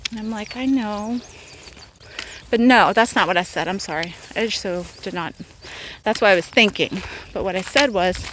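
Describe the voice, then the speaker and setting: A woman gives a heartfelt personal testimony in a casual, unscripted way. Her pitch sits in the middle, and she acts out her own words and God's replies. A clear layer of background noise runs under her voice. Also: normal speed, long pauses, fairly bright tone. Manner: earnest and emotional, with many filler words like "like" and "okay?"; acts out quotes of herself and of God. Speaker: self-made online minister. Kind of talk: casual spoken testimony to the camera.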